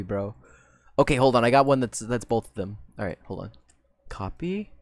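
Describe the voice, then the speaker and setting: A woman streaming a live reaction, talking to her chat, swearing casually and bursting into laughter and loud exclamations. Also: extremely low pitch.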